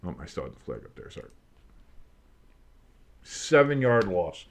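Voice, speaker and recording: A man giving casual play-by-play commentary on a game, rambling and swearing between plays and bursting out with excitement on big ones. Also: low-pitched, a little slow. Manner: rambling, swears, breaks off into nostalgic tangents. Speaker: play-by-play streamer.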